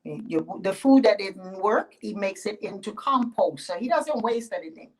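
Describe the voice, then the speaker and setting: A woman spiritual teacher recounts a sacred tale in a lively, playful way. Her voice sits at a middle pitch, and she giggles and shifts into character voices as she goes. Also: moderate pace, slightly rough, rough recording. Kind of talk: oral storytelling.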